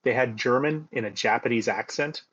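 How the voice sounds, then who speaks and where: A man co-hosting a podcast, chatting loosely about a series and working through his points with fillers. His voice sits at a middle pitch. The recording is slightly dull and muffled. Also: a little fast, husky. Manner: relaxed storytelling with fillers. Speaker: podcast co-host. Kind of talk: casual chat.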